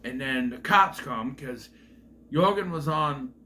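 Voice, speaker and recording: A man talks through a film's plot in a casual, rambling way, stopping and restarting as he goes. His voice rises and falls a lot, and his tone is bright and forceful. There is a faint hum of noise behind him. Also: medium pitch, lively intonation, slow pace. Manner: voices characters with loud exaggerated quotes. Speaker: film reviewer. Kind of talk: casual movie plot recap.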